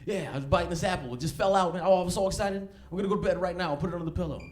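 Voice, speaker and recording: A man's voice: sits high, racing, a little mellow, voice pushed up, close to an everyday voice. A man voicing his young son as an eager, chattering little boy. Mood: excited.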